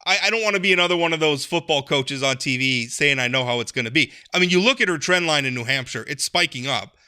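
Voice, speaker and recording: A man hosts a casual political conversation with a bright, forceful voice. He sits a little above the usual male pitch. He talks in an animated way, stumbling over repeated words as he works through his points. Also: fast talker, clean tone. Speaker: podcast host.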